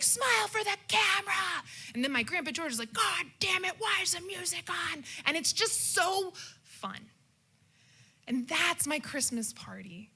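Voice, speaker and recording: Her voice a little high, this young woman relates a funny family-holiday story with lots of animation, yelling her relatives' words whenever she quotes them.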